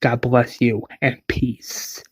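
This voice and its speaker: A man's voice: medium pitch, flat delivery, takes it slowly, husky, no echo. A man casually retelling his own fan story, restarting words as he narrates. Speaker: series creator and narrator.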